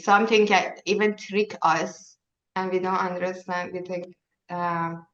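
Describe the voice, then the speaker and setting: A woman leading a workshop, telling a story in halting with many fillers, heard over a video call. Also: on the low side, flat delivery. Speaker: workshop leader. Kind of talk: casual storytelling. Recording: roomy, distant, dull sound.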